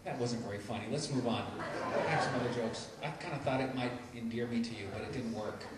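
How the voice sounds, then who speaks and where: A man with a mid-range voice talks fast during a stand-up set at a live comedy venue, rambling, self-deprecating, and often stumbling and restarting sentences. The recording is noisy and echoey, picked up by a distant room mic.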